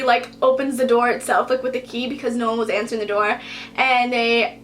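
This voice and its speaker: High-voiced young woman telling a vlog story. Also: brisk, a little hiss or hum. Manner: animated, expressive, heavy use of "like", acts out quotes. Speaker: vlogger. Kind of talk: storytime vlog, casual chat to camera.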